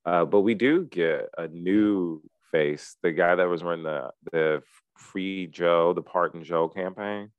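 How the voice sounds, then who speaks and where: A man co-hosting a casual podcast chat with a stuffy nose, talking in a profane, joking way with sudden high-pitched outbursts. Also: unhurried, smooth, no echo, phone-quality sound. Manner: animated, profane, jokey, bursts into high-pitched exclamations. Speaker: podcast co-host. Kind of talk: casual chat recapping a TV series.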